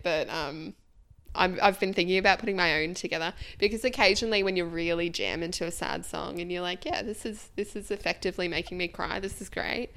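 A woman's voice: on the low side, sharp tone, no room sound. A young woman in her twenties, a nurse chatting frankly on a podcast, laughing often and swearing casually. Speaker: registered nurse guest.

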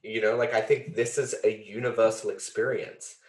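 This podcast host has a lowish, darkish voice with a level tone at normal speed. In a reflective conversation captured with a roomy echo, he talks earnestly and with feeling, thinking aloud with lots of fillers and the odd swear word.

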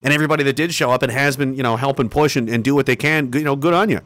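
A man's voice: medium pitch, racing, dry recording, clean studio sound. A man hosting a livestream, ranting angrily with heavy profanity and mocking sarcasm. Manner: angry, profane and sarcastic, with bursts of mocking shouting. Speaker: livestream host.

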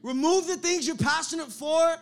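A young man preaching to a young adult church group, energetic and repetitive, often calling out for the crowd to answer. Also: very high voice, normal speed, vocal fry. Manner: energetic, repetitive, calls for audience response. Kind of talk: sermon.

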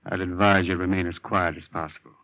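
A man playing a formal, measured doctor in a 1940s radio drama. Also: deep voice, little pitch movement, no echo. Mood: calm. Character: calm, guarded middle-aged male doctor. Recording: dull, dry lo-fi old radio recording.

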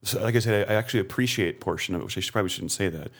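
A man appearing as a podcast guest, talking casually with many restarts and an eager, halting delivery. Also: low voice. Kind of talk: casual conversation.

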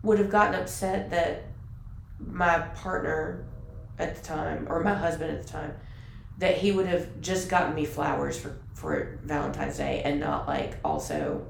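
Chatty woman with a gravelly low voice. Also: unhurried. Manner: chatty, animated, many fillers. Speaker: podcast co-host. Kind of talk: casual chat. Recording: roomy with faint background hiss.

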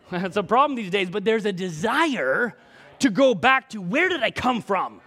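Lively, high-pitched preaching man. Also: measured pace, breathy edge. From Scotland. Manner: emphatic preaching, swings between loud and soft. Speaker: pastor. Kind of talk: sermon.

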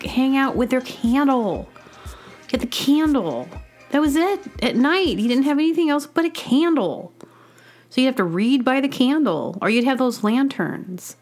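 A woman's voice: high voice, darkish tone. A woman hosting a show, talking in a casual, meandering monologue full of fillers and silly asides. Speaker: host.

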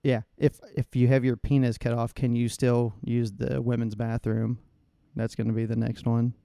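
Mellow-voiced blunt man. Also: mid-range voice, level tone, moderate pace, gravelly, no echo, clean studio sound. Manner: blunt, sarcastic, swears often. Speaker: podcast co-host. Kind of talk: casual chat.

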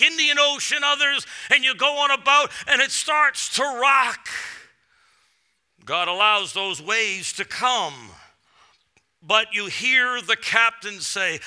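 Middle-aged preacher guy from massachusetts, really high bright voice, yells then goes soft and chatty. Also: clear, resonant tone. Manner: shouting bursts, drops to quiet storytelling. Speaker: guest preacher. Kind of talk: sermon. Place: church platform.

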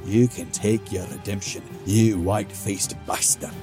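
Brief: male narrator doing a grumbling old Scots dwarf, loud and bristling. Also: lowish voice, fairly even intonation, measured pace, music in the background, lightly acted. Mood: bitter. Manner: gruff, blustering. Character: fat concussed old male dwarf, gruff and bitter.

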